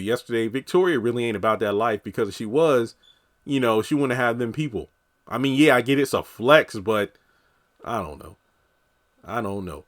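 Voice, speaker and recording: Animated man recapping a TV episode. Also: medium pitch. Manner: animated, acts out quotes from characters. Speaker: TV episode reviewer. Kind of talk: casual recap commentary.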